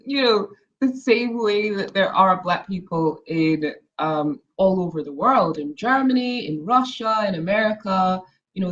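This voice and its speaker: Chatty Scottish woman, Edinburgh accent. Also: on the low side. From Scotland. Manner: chatty, laughs often, many ums. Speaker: guest, former model. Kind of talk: casual interview. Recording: dull lo-fi audio.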